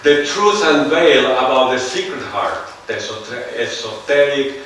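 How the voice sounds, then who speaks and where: A man with a non-native English accent giving a seminar lecture, musing slowly and often putting rhetorical questions to his audience. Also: medium pitch, animated, a bit bright, slight background noise. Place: large lecture hall. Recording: echoey hall, heard from far off.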